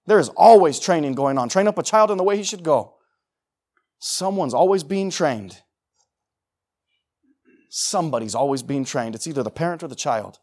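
High-voiced man preaching emphatically. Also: lively intonation, normal speed, pauses often, a little mellow. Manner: emphatic, conversational preaching with repeated phrases. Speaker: pastor. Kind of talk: sermon.

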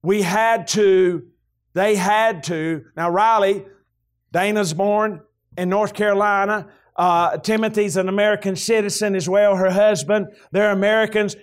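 Fairly even in intonation and a little slow, this high-voiced Southern US pastor gives a folksy sermon with the feel of a story shared among friends. Once he's worked up, though, his voice climbs and bursts into loud shouts.

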